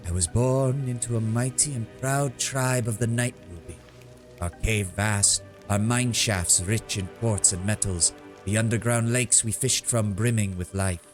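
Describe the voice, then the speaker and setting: A worldly kobold bard with a teasing, knowing edge, read aloud by a man. He spins his tale in a measured, sonorous storyteller's manner, in a lowish voice with faint music playing behind. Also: steady tone, close to an everyday voice. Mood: storytelling. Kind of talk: reading game dialogue aloud.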